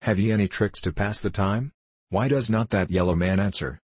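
A man's voice: on the low side, normal speed, a little mellow, breathy edge, no room sound. A man voicing a proud young soldier in an audiobook, teasing and rolling out his words.

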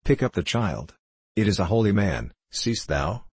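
A man's voice: fairly low pitch, very animated, measured pace, a little mellow, husky, dry recording, full character voice. A man voicing a weary farmer husband in an audiobook, grumbling as he talks.

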